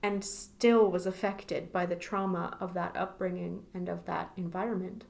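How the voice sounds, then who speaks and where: A woman's voice: fairly low pitch, level tone, normal speed, creaky, a little mellow. A woman co-hosting a podcast, talking casually about a book and laughing often. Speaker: podcast co-host.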